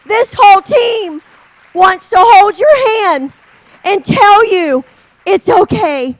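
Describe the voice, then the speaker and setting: A woman giving an emotional motivational talk at a seminar, slow and heartfelt, building to emphatic encouragement. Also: extremely high pitch, expressive, dry recording, poor audio. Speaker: seminar speaker.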